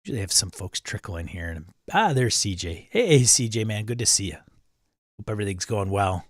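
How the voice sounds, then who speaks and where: A man's voice: on the low side, lively intonation, brisk, dry recording, studio quality. A man hosting a livestream, casually chatting and greeting viewers by name as he reads their comments. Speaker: livestream host reading chat. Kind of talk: casual chat.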